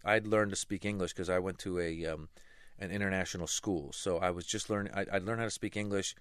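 Animated middle-aged man telling stories. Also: low voice, fairly quick, smooth, no room sound, studio quality. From Iran. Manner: lively, acts out voices in anecdotes. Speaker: stand-up comedian guest. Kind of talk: animated storytelling interview.

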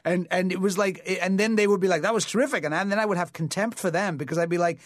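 A man's voice: sits high, steady tone, fast, no echo, studio quality. A man, an actor, talking casually in an interview and telling stories in a reflective way, with frequent fillers and restarts. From United States. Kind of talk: conversational interview storytelling.

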